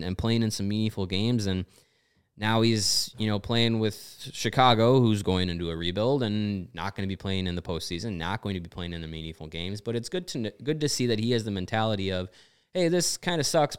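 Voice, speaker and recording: A man's voice: lowish voice, clear, resonant tone. A man hosting a sports podcast, chatting loosely about bets and hockey with plenty of fillers. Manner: relaxed, talks through bets and scores with fillers. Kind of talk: casual sports chat with ad reads.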